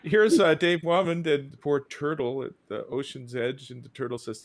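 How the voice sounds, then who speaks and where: A man's voice: medium pitch, steady tone, normal speed, hardly any pauses. Wry man hosting a cartoon chat. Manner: wry, joking, reads out cartoon captions in funny voices. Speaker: podcast host presenting cartoons. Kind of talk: casual panel chat.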